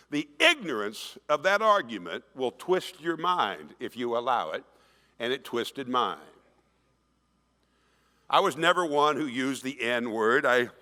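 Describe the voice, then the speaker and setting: A man in his sixties giving an emphatic keynote speech, telling stories to an audience in a conference hall. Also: mid-range voice. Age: 60s. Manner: animated, emphatic storytelling, acts out quoted voices. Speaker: keynote speaker. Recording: long reverb of a large hall.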